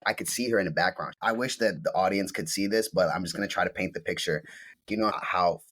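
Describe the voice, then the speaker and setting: A man's voice: deep voice, fast, a bit bright. A man speaking as a podcast guest, telling a story bluntly and emphatically, with plenty of swearing. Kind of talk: casual storytelling.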